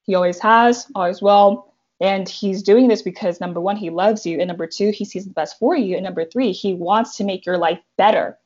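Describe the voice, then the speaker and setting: A woman's voice: medium pitch, normal speed, darkish tone, dull audio. A young woman talking casually about her faith, chatty, with lots of fillers. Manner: chatty, fillers, emphatic counting. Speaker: panelist.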